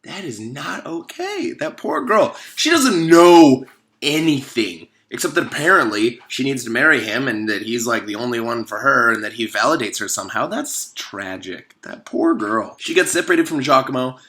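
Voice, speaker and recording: A man at a middle pitch riffs casually on a movie in sarcastic, rambling comedic commentary. His voice swings widely up and down and has a bright, sharp edge. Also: normal speed. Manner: animated, sarcastic, rambling with many fillers. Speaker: video host.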